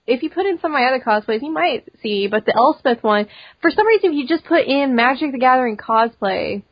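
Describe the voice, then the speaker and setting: A young woman talks quickly and casually on a podcast, peppering every sentence with "like" and the occasional curse. Her voice sits a little high. The recording is dry and slightly dull, lo-fi. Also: animated, slightly rough, dry recording. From Polish family, grew up in America. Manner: chatty, swears freely, lots of "like". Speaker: podcast guest, cosplayer. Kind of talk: casual chat.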